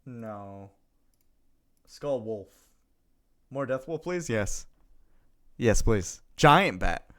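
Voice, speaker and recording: Speaking very slowly at a medium pitch, a man chats with his live-stream audience in a casual way. He reads out their messages, greets them playfully, and mixes in plenty of giggles and abrupt excited outbursts.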